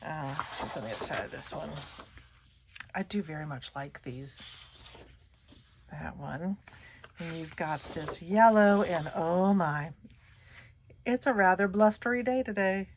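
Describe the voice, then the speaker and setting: Lady showing off craft paper, chatty, kinda low voice, keeps losing her sentences. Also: slight background noise. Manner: chatty, gushing, trails off mid-sentence. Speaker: scrapbooking channel host. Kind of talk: casual show-and-tell chat.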